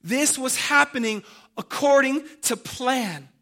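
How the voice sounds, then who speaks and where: A man preaching a sermon, dramatic, swinging from loud emphasis to hushed tones and calling his listeners family. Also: extremely high pitch, takes it slowly.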